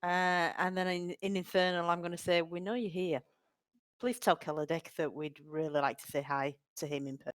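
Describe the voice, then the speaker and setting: A woman player in a tabletop game, calm and matter-of-fact. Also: on the low side, a little fast, no room sound. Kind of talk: casual game chat.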